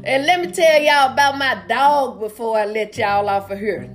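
A woman's voice: a little high, normal speed, soft background music. A woman doing stand-up over a video call, telling folksy jokes and acting out each character's lines. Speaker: stand-up comedian. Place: home, virtual comedy show.

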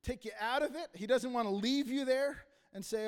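High-voiced preaching man in a reverberant hall. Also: moderate pace, clean tone. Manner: impassioned preaching, rising and falling in volume. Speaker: pastor. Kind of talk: sermon.

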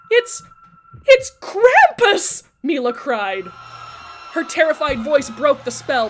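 Storyteller woman, somewhat high voice, dramatic and expressive narration. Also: background noise.

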